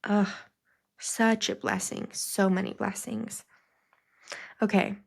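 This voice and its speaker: A woman's voice: mid-range voice, steady tone, slow pace, creaky, pauses often, husky. A young woman hosting a podcast, telling personal memories in a rambling, casual way with many fillers. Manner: rambling, many fillers, laughing through tears. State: crying at times. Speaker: podcast host.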